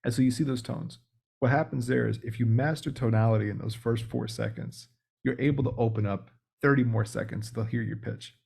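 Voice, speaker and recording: Male podcast guest, low gravelly voice, warm and a bit husky, relaxed coaching tone. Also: a little fast. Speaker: podcast guest, sales leader. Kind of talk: casual explanatory interview talk.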